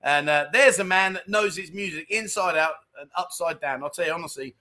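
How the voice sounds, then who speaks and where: A man's voice: fairly high pitch, a little fast, sharp tone. A man hosting a casual livestream, reading out viewer comments with jokey, self-mocking, chummy banter. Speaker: livestream host.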